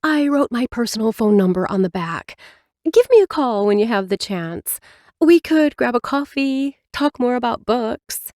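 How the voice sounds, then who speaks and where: A woman's voice: a little high, expressive, unhurried, darkish tone, no echo, clean studio sound, pitched above the performer's own voice. A woman reader voicing a chatty, friendly female librarian who talks eagerly about books. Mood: bubbly. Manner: bubbly, eager, talkative.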